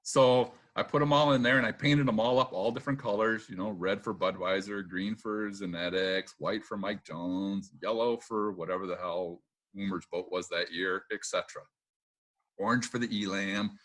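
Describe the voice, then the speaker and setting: A middle-aged man and former racer, a podcast guest who tells anecdotes casually, acts out the lines of the people in his stories and fills pauses with "uh" and "um.". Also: fairly low pitch. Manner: lively anecdotes, acts out quotes, laughs often; filler-heavy with "uh" and "um". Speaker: retired boat racer, guest. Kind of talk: casual storytelling interview.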